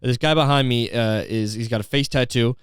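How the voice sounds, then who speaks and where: A podcast host with a smooth, resonant, medium-pitched voice launches into an exasperated comedic rant, a little fast, cursing nonstop and heavy with sarcasm. The recording is close and dry on a podcast mic, with no room sound.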